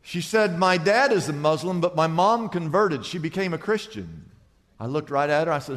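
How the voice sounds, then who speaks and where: A male pastor preaching in a church sanctuary, his voice pitched high and lively as it rises and falls. His sermon rings out with a long reverb in a big hall. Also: moderate pace. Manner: animated storytelling, swinging from loud to quiet.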